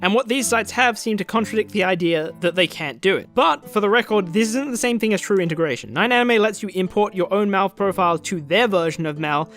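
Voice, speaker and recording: A man's voice: high-pitched, a little fast, few pauses, a bit bright, soft background music. A man giving a heated, sarcastic rebuttal in video commentary, swearing and arguing point by point. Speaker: video essayist responding to a critic. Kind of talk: argumentative commentary.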